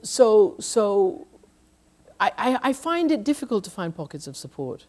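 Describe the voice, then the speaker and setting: A woman's voice: mid-range voice, big pitch swings, unhurried, darkish tone. A middle-aged woman journalist in an onstage conversation, talking emphatically with frequent restarts and "you know". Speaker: journalist, lecture guest.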